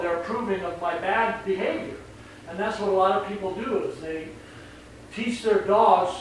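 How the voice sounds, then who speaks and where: Talking on camera, a high-voiced man who trains dogs gives a loose, meandering explanation, chatting freely and doing different voices. He's recorded from far away in a heavily echoing space, with faint noise behind him.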